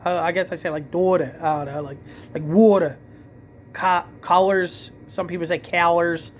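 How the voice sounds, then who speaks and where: A man with a thick Philadelphia accent rambles through a casual late-night vlog rant. His voice sits high for a man, and he strings thoughts together with constant fillers and self-corrections. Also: steady tone, moderate pace, slight background noise. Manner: rambling, heavy with "like" fillers and restarts. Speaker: vlogger and DJ.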